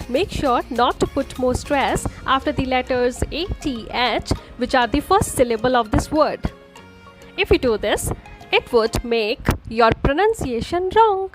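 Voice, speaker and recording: A woman narrating a scripted English pronunciation lesson, explaining each word slowly and deliberately. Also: sits high, fairly bright tone. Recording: voice-over with faint background music.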